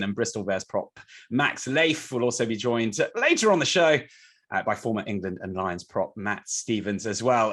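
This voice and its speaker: A man hosts a sports chat show in an upbeat way. He asks his co-hosts brisk questions, with a voice that sits at an everyday pitch. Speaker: podcast host.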